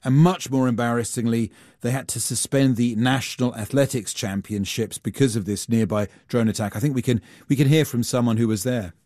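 Man, news correspondent, measured, explanatory, dry studio sound. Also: mid-range voice, warm tone, dry recording. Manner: measured, explanatory, some fillers. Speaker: global affairs reporter. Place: radio newsroom studio.

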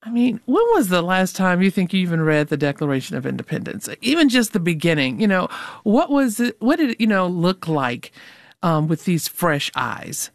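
A radio host's voice, mid-pitched and measured, asks friendly questions of two guests. It is recorded close and dry, with no room sound. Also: sing-song, dry recording. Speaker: radio interview host. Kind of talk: radio interview.

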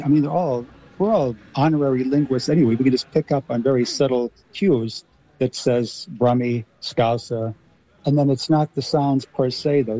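A man's voice: mid-range voice, mellow, husky, lo-fi sound. A man with an American accent, a guest in a radio interview, speaking in an articulate, lecturing way. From Los Angeles, USA.

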